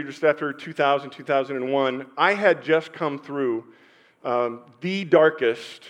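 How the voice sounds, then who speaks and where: A middle-aged man preaching a sermon as pastor, telling personal stories with pauses and sudden swells in loudness. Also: on the high side.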